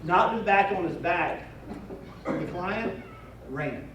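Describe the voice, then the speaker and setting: A man's voice: high-pitched, slow. A man telling humorous hunting stories as a banquet speaker, acting out the voices of the people in them. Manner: animated Southern-style storyteller, acting out voices. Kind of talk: humorous storytelling speech. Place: banquet hall. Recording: echoey hall, from far off, noisy.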